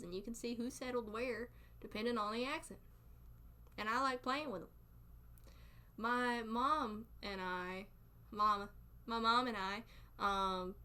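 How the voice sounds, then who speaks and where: A woman's voice: fairly high pitch, sharp tone. Giggly Southern woman streamer. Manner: giggly, rambling, frequent laughter. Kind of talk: casual chat.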